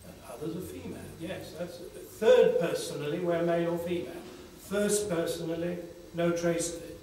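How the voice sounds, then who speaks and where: An older man giving a slow, reflective spiritual talk at a conference panel, pausing often between phrases. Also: on the high side, warm tone, a little hiss or hum. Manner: slow, reflective, with long pauses. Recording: echoey hall from far off.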